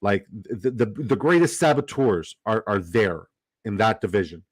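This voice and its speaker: Speaking a bit slowly in a lowish, slightly rough voice, a man streams his fantasy football draft, reading out the chat and casually cursing as he comments.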